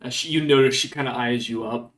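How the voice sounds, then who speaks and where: A man's voice: medium pitch, fairly even intonation, fast talker, fairly bright tone, soft background music. A man narrating a tabletop game as game master, talking in a rambling way full of ums and uhs.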